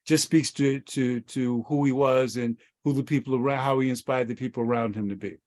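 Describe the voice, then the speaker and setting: A man's voice: medium pitch, fairly even intonation, brisk, a little mellow. A man on a video call telling a story vividly, acting out the lines he quotes. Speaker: guest sharing memories.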